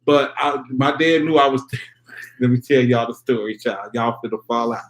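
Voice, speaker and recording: A man's voice: medium pitch, moderate pace. A middle-aged man chatting casually and telling a funny family story with lots of "child" and "honey". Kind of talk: casual chat.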